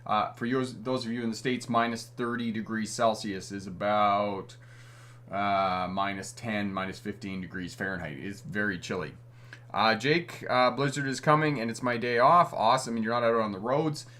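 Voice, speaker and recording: Reading out viewer comments on his live stream, this middle-aged Canadian driving instructor is friendly and chatty, with frequent chuckles. He has a lowish, pushed, bright voice and a moderate pace.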